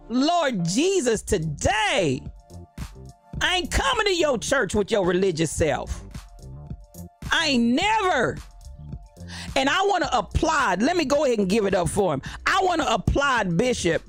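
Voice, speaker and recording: A woman's voice: sits high, big pitch swings, unhurried, a bit bright, faint music behind. Fired-up woman ranting on a livestream. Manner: fired-up, preachy, repeats phrases. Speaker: host. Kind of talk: livestream commentary rant.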